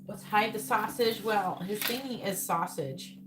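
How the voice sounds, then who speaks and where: Over loud background music, a woman with a mid-range voice gives a live tarot reading at a measured pace. The psychic murmurs the cards as she calls them and breaks into incredulous asides.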